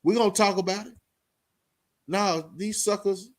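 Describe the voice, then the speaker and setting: A man from Austin, Texas, vlogs casually to the camera, preaching about life in a streetwise way and packing his talk with "man" and "you know what I'm saying." His voice is high, his intonation fairly even, and he takes his time.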